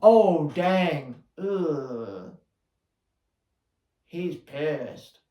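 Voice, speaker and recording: A sulky dog mutters its thoughts to itself in low, grumbling asides, as a man puts it on. The voice drops under the speaker's usual pitch and sounds set back from the mic, in a room with a clear echo. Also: expressive, drawn-out words, dark tone.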